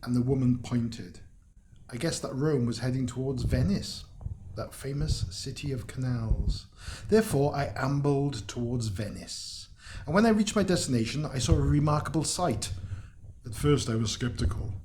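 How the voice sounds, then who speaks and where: A man's voice: mid-range voice, moderate pace, a little mellow, a little hiss or hum. A man reading a weird tale aloud in an amused way, chuckling and adding asides. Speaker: story reader.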